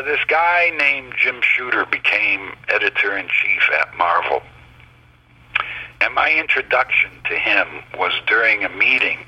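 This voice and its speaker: An older man recounts his past with blunt candor, swearing freely as he makes his points. His voice is deeply husky and rough, sitting low but with a hard, sharp brightness. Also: poor audio. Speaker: interviewee recounting his career. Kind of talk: candid anecdotal storytelling.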